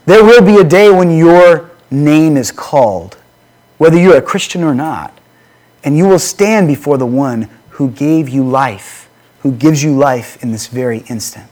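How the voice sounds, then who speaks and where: A man's voice: a little high, animated, moderate pace, a little mellow. A man preaching a sermon, reading scripture and putting questions to the congregation in an earnest way. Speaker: pastor.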